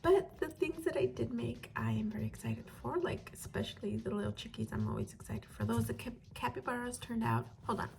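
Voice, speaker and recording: A woman's voice: a little high, sing-song, fairly quick, creaky, few pauses, darkish tone, a little hiss or hum. A woman chatting casually in her home kitchen while she vlogs about crochet, with giggles and self-mocking asides. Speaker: crochet vlogger. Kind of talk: casual vlog chat.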